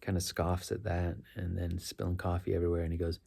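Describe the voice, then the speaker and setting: Low gravelly man telling a story. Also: little pitch movement, quick pace, few pauses, mellow. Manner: rambling, self-correcting, earnest. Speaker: rideshare driver sharing stories. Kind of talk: casual reflective storytelling.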